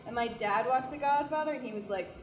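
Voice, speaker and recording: A young woman doing stand-up comedy in a small, echoey venue, her voice sitting fairly high. She talks in a chatty, self-deprecating way and fills her sentences with "like". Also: a little fast.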